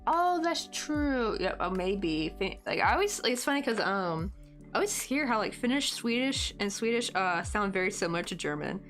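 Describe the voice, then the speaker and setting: A woman's voice: medium pitch, very animated, moderate pace, fairly bright tone, soft background music. A woman in her late twenties chatting casually on a crochet live stream. She rambles and thinks aloud, full of fillers and little chuckles, at home. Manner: chuckles often. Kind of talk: casual chat.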